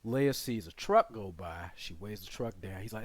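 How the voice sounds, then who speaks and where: A man's voice: lowish voice, lively intonation, moderate pace, no room sound. A man hosting his channel, casually retelling a show's plot in a rambling way full of fillers and asides. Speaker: channel host reviewing a series. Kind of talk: casual spoken plot recap.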